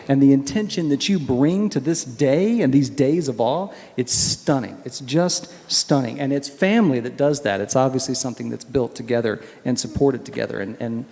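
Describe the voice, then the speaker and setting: Earnest singer in a reverberant hall. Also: male voice, a little high. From Texas. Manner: earnest, animated storyteller who gets choked up. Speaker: guest singer answering questions. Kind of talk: candid Q&A conversation. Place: large synagogue hall.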